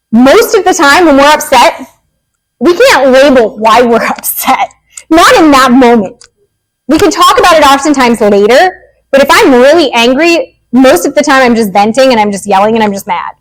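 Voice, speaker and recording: A woman behavior analyst, herself a parent, giving a lively, joking workshop talk to parents. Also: high-pitched, poor audio. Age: adult parent. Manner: lively, joking, acts out quick quotes.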